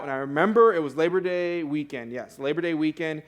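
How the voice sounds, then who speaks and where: A man's voice: fairly high pitch, fast talker. A young man preaching a sermon in a church, in a conversational, earnest way with fillers and self-corrections. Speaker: pastor. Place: church sanctuary.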